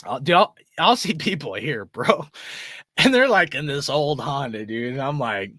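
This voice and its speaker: Profane rambling guy, bright and dry. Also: medium pitch, very animated, a little slow, no echo. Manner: profane, rambling, laughs often, says bro and dude. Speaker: sports fan show host. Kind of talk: casual rant to viewers.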